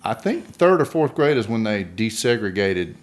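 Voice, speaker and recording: A man's voice: lowish voice, very animated, normal speed. A man in his fifties with a mild Southern accent, co-hosting a casual podcast chat and telling easygoing stories. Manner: easygoing storyteller. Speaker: podcast co-host.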